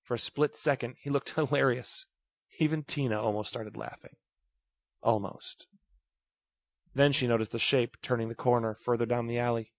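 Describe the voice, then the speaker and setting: A man reading a first-person story aloud, raising his voice to act out the shouted lines. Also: medium pitch, steady tone, normal speed, pauses often, no room sound. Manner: acts out shouted lines of dialogue. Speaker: narrator. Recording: dry, slightly dull recording.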